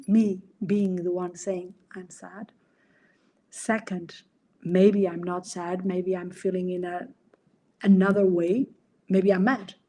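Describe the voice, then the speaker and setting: A woman's voice: medium pitch, warm tone. A middle-aged woman coach and podcast host, explaining ideas in an earnest, casual way and sometimes acting out quoted dialogue.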